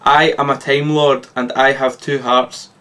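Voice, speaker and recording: A man voicing the Doctor, a gruff, impatient male time traveller who snaps at the kids. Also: mid-range voice, flat delivery, a little slow, sharp tone. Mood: curt. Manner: curt, snapping.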